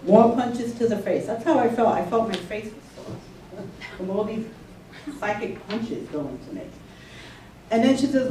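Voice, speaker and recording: A woman's voice: medium pitch, normal speed, dark tone. A woman telling a personal story to an audience in a conversational way, often checking in with her listeners. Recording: echoey room from far off, faint noise.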